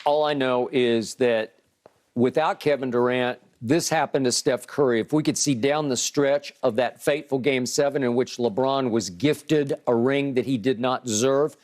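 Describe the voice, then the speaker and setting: A man's voice: medium pitch, normal speed, a little mellow. An older man co-hosting a heated sports debate, argumentative and walking through game clips shot by shot.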